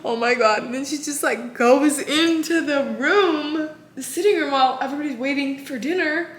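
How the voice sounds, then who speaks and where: A woman in her twenties casually recapping a novel in an animated, exasperated way, full of "like". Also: high-pitched, moderate pace, a little hiss or hum. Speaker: book vlogger. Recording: echoey room.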